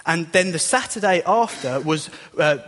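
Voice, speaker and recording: A man's voice: fairly high pitch, lively intonation, moderate pace, a bit bright. A young man giving a chatty, self-deprecating sermon as a youth leader in a church. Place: church hall. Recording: long hall reverb.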